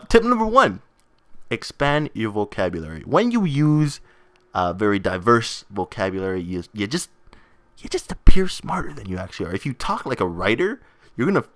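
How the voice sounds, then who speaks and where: A man's voice: fairly low pitch, a bit bright, dry recording. A young man hosting a gaming video in casual, rambling vlog chat, self-mocking and often laughing.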